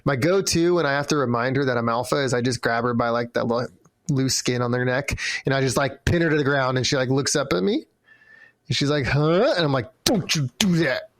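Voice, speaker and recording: A man's voice: mid-range voice, fairly quick, no echo, clean studio sound. A man co-hosting a casual podcast, joking and laughing often and acting out little voices in his stories. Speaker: podcast co-host.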